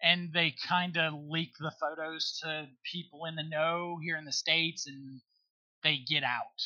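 Middle-aged man, high bright voice, emphatic storyteller who keeps checking in with his listener. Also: level tone, a little slow, lo-fi sound. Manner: earnest, emphatic, checks in with rhetorical questions. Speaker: guest. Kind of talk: conversational storytelling.

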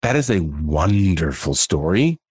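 A man's voice: sits low, a little slow, husky, dry recording, studio quality. A man in his forties, a guest in a casual interview, telling stories animatedly and acting out the dialogue. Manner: animated storyteller, acts out dialogue.

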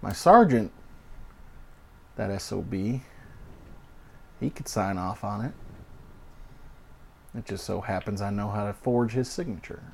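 A man's voice: on the low side, a little slow, gravelly, pauses often, slight background noise, pitched below the performer's own voice. A man playing a scheming, crooked police officer who talks in a sly, conspiratorial way in an improvised role-play. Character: scheming crooked male cop.

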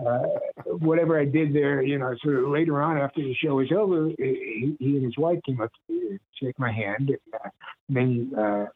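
This Ohio-born voice actor, a middle-aged man, speaks at normal speed with medium pitch, some slight background noise behind him. Guesting on an interview over a tinny phone line, he tells casual stories with plenty of chuckles and drops into impressions.

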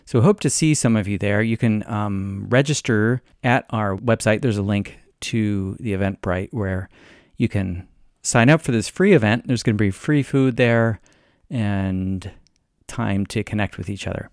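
A man's voice: lowish voice, measured pace, dry recording, studio quality. Man reading podcast announcements. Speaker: podcast host. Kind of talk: scripted announcement.

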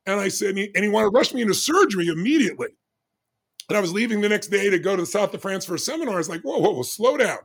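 A man in his early sixties, his voice pitched well above most men's and carrying vocal fry, races through a personal story as an interview guest. He's animated, acting out each remembered exchange, including his dialogue with doctors.

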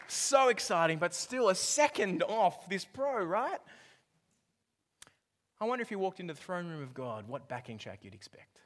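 High-voiced New preacher in a hall. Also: male voice, moderate pace. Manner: animated storytelling, swings from hushed to shouting. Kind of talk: sermon. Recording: long hall reverb with faint music.

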